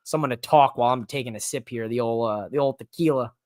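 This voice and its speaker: A man's voice: mid-range voice, quick pace, a little mellow. A man hosting a solo livestream from his home studio, rambling and joking with hype as he recaps the night's wrestling. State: out of breath. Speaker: wrestling show host. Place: home studio in a living room. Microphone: livestream mic.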